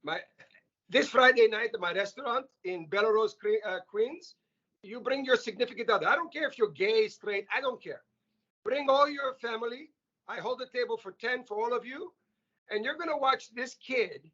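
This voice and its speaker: A man's voice: normal speed, pushed and bright, full character voice. A man voicing his proud older Greek father, lecturing teachers in a heavy Greek accent. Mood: defiant. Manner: booming, lecturing, insistent. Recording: muffled lo-fi audio.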